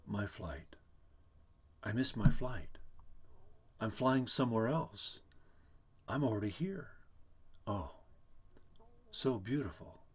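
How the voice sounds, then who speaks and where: A man voicing a calm, dreamy middle-aged woman who speaks slowly and softly. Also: on the low side.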